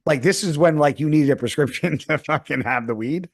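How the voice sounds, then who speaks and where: A man's voice: a little high, fairly quick. A man in his thirties, a podcast host, telling a rambling story in casual chat and swearing often.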